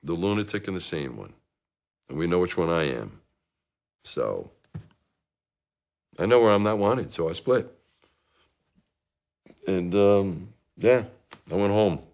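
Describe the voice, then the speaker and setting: An actor plays a self-pitying divorced dad in therapy, deep and low in voice. He rambles and justifies himself in a comic monologue, and now and then he flares up in anger. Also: lively intonation, takes it slowly, pauses often, darkish tone, heavily acted. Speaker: therapy patient.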